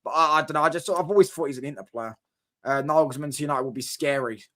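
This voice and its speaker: A young man hosts a football live stream, talking quickly and in an animated way to his chat. His voice sits a little high for a man, and he packs his talk with fan slang. He keeps asking "do you get what I'm saying".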